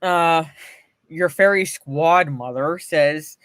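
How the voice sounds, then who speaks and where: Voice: medium pitch, slow, a bit bright, smooth, no room sound. Brief: blunt, swearing livestream host with a mid-range voice, reading posts aloud and chatting with viewers, dry close sound. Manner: blunt, profane, often laughing, greets chatters by name. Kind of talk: casual livestream commentary.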